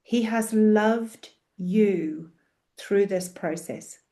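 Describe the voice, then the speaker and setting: Passionate, expressive woman host. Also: mid-range voice, very slow. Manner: passionate and expressive, acting out prayers. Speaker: interview host. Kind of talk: animated faith interview chat. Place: her office.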